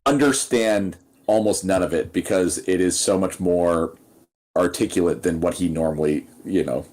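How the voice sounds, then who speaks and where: A man's voice: low-pitched, moderate pace, a little mellow, slight background noise. A man playing a tabletop game, talking casually about his character. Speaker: player.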